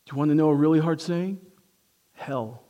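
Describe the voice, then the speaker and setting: A man preaching a sermon, emphatic and swinging from hushed to forceful, who asks his congregation rhetorical questions. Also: on the high side, normal speed, muffled recording.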